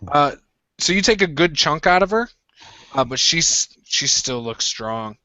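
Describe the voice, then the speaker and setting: Man, game master, relaxed narration, chatty, dull lo-fi recording, dry sound. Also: a little high, unhurried, dry recording. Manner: relaxed, chatty, with frequent "uh" and "um" fillers. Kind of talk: running a tabletop game, casual narration.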